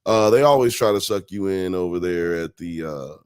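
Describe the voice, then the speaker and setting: On a live-streamed talk show, a male host with a deep, smooth voice speaks at a moderate pace, recorded dry and at studio quality. He chats casually and swears freely, joking with the audience and reading chat comments out loud.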